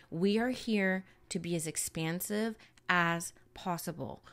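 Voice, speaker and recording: A woman medium giving an earnest, emphatic spiritual teaching in a conversational way, sometimes swearing for emphasis. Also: on the low side. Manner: casual, occasional swearing for emphasis.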